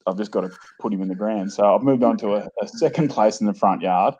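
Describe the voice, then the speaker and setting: Aussie bloke rambling through a story, low husky voice, muffled lo-fi line. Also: male voice, fast, a little mellow. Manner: rambling, lots of "you know". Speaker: guest. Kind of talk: casual storytelling. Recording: dull lo-fi remote line.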